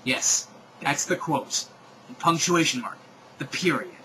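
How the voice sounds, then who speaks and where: A man reads bad fan fiction aloud in a sarcastic, exasperated comedic style. His voice is bright and forceful and slightly high. Faint hiss sits behind him. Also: lively intonation, unhurried, poor audio. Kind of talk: comedic dramatic reading with commentary.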